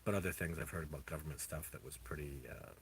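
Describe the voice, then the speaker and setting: Man, very low voice, casual livestream chat, rambling and halting, faint hiss behind. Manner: rambling, halting, with many restarts. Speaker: livestream host answering viewer questions.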